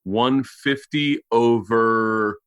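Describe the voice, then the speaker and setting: A man's voice: mid-range voice, very slow, smooth, no echo. A man on a remote call, telling a casual story full of swearing and acted-out quotes. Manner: profane, animated, acts out loud quotes. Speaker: guest.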